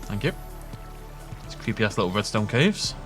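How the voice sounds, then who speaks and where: A man's voice: lowish voice, big pitch swings, normal speed, over music. A young man rambling and joking as he plays, self-mocking and chatty. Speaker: gaming YouTuber. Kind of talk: rambling gameplay commentary.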